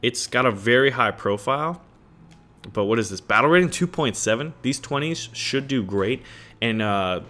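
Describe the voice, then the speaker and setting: A man hosting his gaming channel, giving casual, joking, excitable gameplay commentary. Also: mid-range voice, normal speed.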